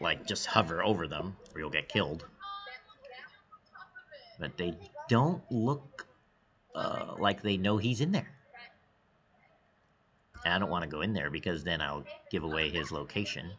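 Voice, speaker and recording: A man with a low voice gives live commentary on his students' game practice. His pitch swings widely as he reacts, thinking aloud with quick exclamations. At times he drops to a hush. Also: expressive, a crowd in the background. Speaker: esports coach.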